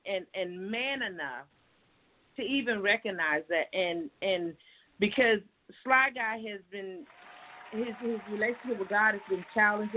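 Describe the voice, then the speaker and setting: A woman hosting a talk show, chatting in an emphatic, folksy, encouraging way. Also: mid-range voice. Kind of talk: casual talk show conversation. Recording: tinny phone line with faint noise.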